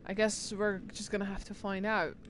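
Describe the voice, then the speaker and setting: A young woman talks to her stream audience in a loose, rambling way, full of fillers and false starts. Her English accent lets a little Irish and Scottish slip through. Her pitch sits in the ordinary middle range, and a faint hiss sits under the voice. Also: level tone, moderate pace. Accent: English with Irish and Scottish touches. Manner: rambling, chatty, many fillers and restarts. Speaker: gaming streamer. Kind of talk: casual chat to stream viewers.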